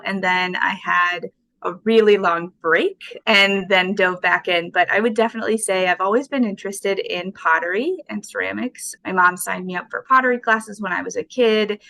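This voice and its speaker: A woman's voice: medium pitch, moderate pace, creaky, bright, forceful tone, low-quality recording. A woman, a guest potter on an interview podcast, talking casually and thoughtfully with frequent fillers.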